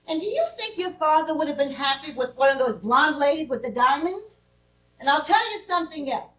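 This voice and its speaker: A woman's voice: high voice, a bit bright. A woman playing a brassy, dramatic mother. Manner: theatrical, exclaiming. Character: brassy, energetic middle-aged mother, dramatic and defensive. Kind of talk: stage play acting. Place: theater stage. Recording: dull lo-fi echoey stage recording.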